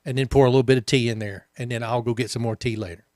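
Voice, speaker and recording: A man's voice: mid-range voice, fairly even intonation, racing, darkish tone, no echo, studio quality. A man from the Southern United States co-hosting a radio talk show, chatting in an easygoing, wry way and reading out listener comments. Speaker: co-host. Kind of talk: casual chat. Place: radio studio.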